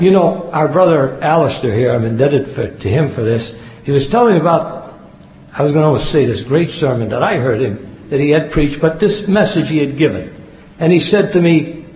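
A man preaching a sermon in an earnest way, repeating key phrases for emphasis. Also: fairly high pitch. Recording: echoey hall, dull lo-fi sound.

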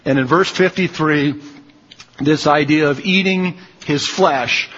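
A man's voice: a little high, takes it slowly, fairly bright tone, big-room sound, lo-fi sound. A man preaching a sermon, emphatic and repeating his key phrases.

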